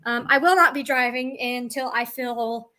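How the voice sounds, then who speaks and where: Bright-voiced young woman vlogger, rambling. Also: fairly high pitch, normal speed. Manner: rambling, self-deprecating, animated retelling. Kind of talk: casual storytelling to camera.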